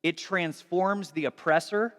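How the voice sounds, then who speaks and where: A man preaching a sermon in a conversational, animated way, recorded in a large church hall with long reverb. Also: high-pitched, a little slow. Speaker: pastor.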